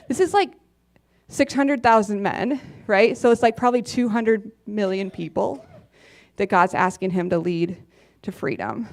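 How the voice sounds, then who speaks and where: A woman's voice: a little high, moderate pace. A woman preaches in a loose, conversational way in a church. She talks in an easy, chatty manner, laughing often and filling her sentences with casual asides. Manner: chatty, laughing, many "like" fillers. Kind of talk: casual sermon.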